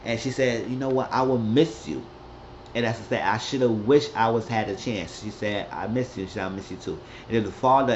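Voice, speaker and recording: A man recapping a TV episode in a loose, rambling way, jumping into characters' lines with a raised, lively voice. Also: dull audio, slight background noise. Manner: rambling, acts out quotes with raised pitch. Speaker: recap host.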